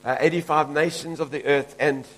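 A man's voice: on the high side, steady tone, moderate pace, fairly bright tone, rough recording. A man from Africa, preaching a fervent, emphatic sermon as pastor. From South Africa.

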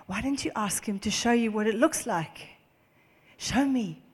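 A woman preacher delivers a lively sermon in a fairly high voice. She reads scripture aloud, stops to comment on it, laughs often and repeats key phrases for emphasis. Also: a little slow, breathy edge, big-room sound.

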